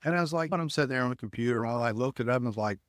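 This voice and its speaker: A man's voice: mid-range voice, very fast, no room sound, studio quality. A middle-aged man from Alabama, a podcast guest telling anecdotes with lots of restarts and acted-out dialogue. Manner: animated storyteller, acts out dialogue, frequent restarts. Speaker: guest, ticket broker. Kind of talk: storytelling in a podcast interview.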